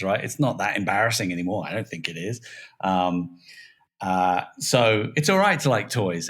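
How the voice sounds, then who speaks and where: A man with a British accent, a toy designer chatting casually as a guest on a podcast, lively and self-deprecating. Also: lowish voice. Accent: British English.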